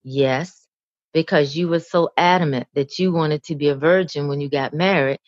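A woman guest, the host's mother, recalling events in a calm, reassuring, measured way. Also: deep voice, no room sound, highs cut off. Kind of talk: reflective conversation.

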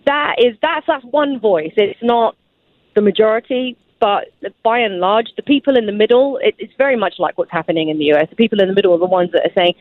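A woman's voice: medium pitch, animated, fairly quick, dry recording. A British woman calling into a radio show, giving frank, weary commentary with lots of restarts. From Britain. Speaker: caller. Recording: tinny phone line.

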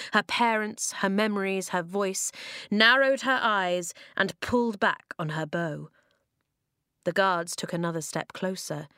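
A woman narrating a children's storybook, shaping each line with calm expression. The recording is close and dry with no room around her. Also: mid-range voice, no echo. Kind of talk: storybook reading aloud.

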